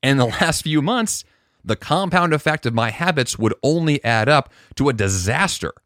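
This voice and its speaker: A man talks through his podcast alone, earnest and reflective, often backing up and restarting a thought. His voice sits in a middle pitch. The sound is dry and close, with no room around it. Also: expressive, normal speed, fairly bright tone, dry recording. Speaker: podcast host. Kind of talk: casual solo podcast monologue.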